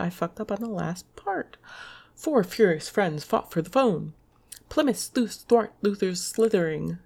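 A woman's voice: medium pitch, lively intonation, a little slow, darkish tone. A woman reading tongue twisters aloud in a casual solo video, laughing and swearing at her own slip-ups.

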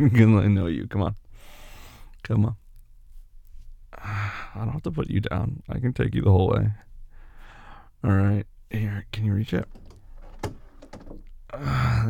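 A man playing a gravelly, gentle boyfriend. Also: fairly low pitch, no echo, highs cut off, full character voice. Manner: gentle, reassuring, softly teasing. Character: caring young boyfriend putting his sleepy partner to bed. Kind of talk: boyfriend role-play audio.

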